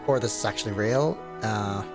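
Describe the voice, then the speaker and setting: Gravelly man musing over a game. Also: fairly low pitch, moderate pace, over music. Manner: musing, thinking aloud with fillers. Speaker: let's play host. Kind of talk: gameplay commentary.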